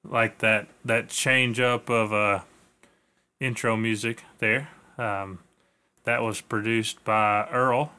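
A man's voice: lowish voice, fairly even intonation, slow, sharp tone, smooth. A man hosting a podcast, chatting loosely and joking his way through sponsor reads. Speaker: podcast host. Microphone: podcast microphone.

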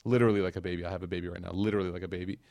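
A man giving a religious lecture as a casual, animated story, with slangy asides to the audience. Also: low voice, very fast, no echo. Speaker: Islamic lecturer.

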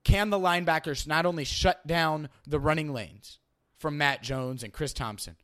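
Man, sports podcast host, analytical commentary, somewhat high voice. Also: moderate pace, a bit bright. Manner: analytical, argues with imagined critics, repeats "I" when starting.

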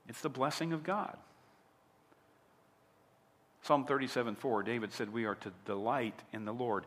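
A man's voice: mid-range voice, a bit bright. Emphatic male pastor preaching in a hall. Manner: emphatic, asks the audience rhetorical questions. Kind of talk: sermon.

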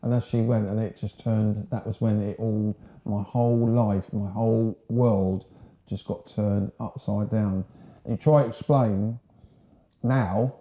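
A man's voice: on the low side, fairly even intonation, a little slow. A man in his sixties from Sussex, England, a former marine telling his story in a casual, frank, rambling way. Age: 60s. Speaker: guest, ex-marine. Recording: roomy, dull lo-fi sound.

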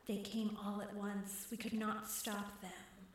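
A woman voicing an eerie female water spirit who speaks slowly in a breathy, hissing hush. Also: medium pitch, monotone, heavy reverb, lightly acted. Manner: slow, hushed, distant.

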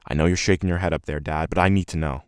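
A man's voice: rumbling low, steady tone, fast, clear, resonant tone, no echo, clean studio sound. A man voicing a curious, earnest son who is desperate to learn a family secret.

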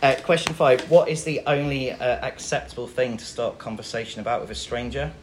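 A man's voice: mid-range voice, a little fast, a little hiss or hum. A man interviewer from Wales, running a playful quiz and laughing along.

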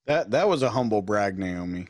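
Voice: sits low, very animated, normal speed, a crowd in the background. A host in a casual chat who keeps interrupting with incredulous questions.

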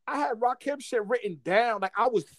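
A man in his forties from Guyana, telling stories in a casual chat, animated and laughing, full of street slang. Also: very high-pitched, a little fast, no room sound.

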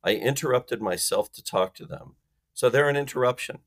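A man's voice: medium pitch, normal speed. A man talking as a guest expert on a sales podcast. He explains things emphatically and acts out phone calls in different voices.

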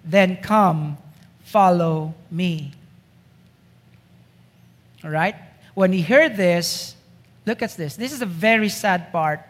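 In a high voice, a man preaches slowly to a congregation, pausing often. He is emphatic and drives his points home through repeated rhetorical questions, with the long reverb of a hall behind him.

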